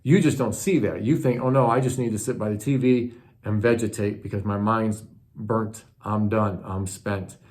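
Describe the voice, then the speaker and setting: A man's voice: lowish voice, fairly even intonation, normal speed, darkish tone. Earnest conversational male preacher. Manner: earnest, conversational teaching with rhetorical questions. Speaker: pastor. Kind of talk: sermon.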